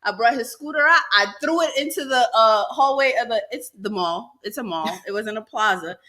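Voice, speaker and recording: Speaking briskly in a slightly high voice, this podcast co-host is a young woman sharing a story over casual chat. She animates the tale by performing the quotes of the people involved.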